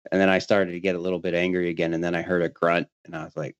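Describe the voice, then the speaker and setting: Man, casual storyteller, low voice, laughs often, acts out quotes, dry dull sound. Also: racing, smooth, no echo. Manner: animated, laughing often, acting out quoted friends. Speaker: podcast guest telling a hunting story.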